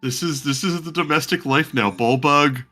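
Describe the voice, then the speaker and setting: 느긋하게 진행하는 게임 마스터 남성. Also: male voice, on the high side, normal speed, soft background music. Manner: relaxed, rambling narration with fillers. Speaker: game master. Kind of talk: narrating a tabletop game.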